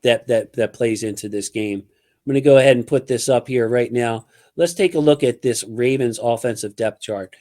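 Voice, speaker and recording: A man's voice: mid-range voice, moderate pace. Emphatic man hosting a sports chat. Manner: animated, emphatic. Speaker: podcast host.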